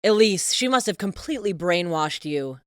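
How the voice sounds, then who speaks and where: A woman's voice: on the low side, lively intonation, normal speed, clean tone, dry recording, clean studio sound, lightly acted. A woman voicing an overbearing, scheming middle-aged mother who talks in a cloying, possessive, sing-song way. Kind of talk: animated story voice-over.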